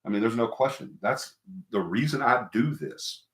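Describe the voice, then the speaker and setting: A man's voice: mid-range voice, moderate pace. A middle-aged man hosting a casual live stream, talking to viewers in a rambling, emphatic way and repeating himself. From American South. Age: middle-aged or older. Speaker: host of a paranormal live stream. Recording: echoey room.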